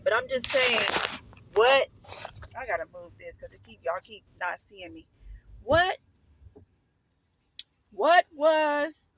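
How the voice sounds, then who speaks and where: A young woman from Oakland, California, recounts her own story straight to the camera at home. Her voice sits high and leaps all over the place. She gets emotional and keeps wandering into asides. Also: fairly bright tone, slight background noise, low-quality recording. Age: young adult. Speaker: vlogger. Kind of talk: casual storytime.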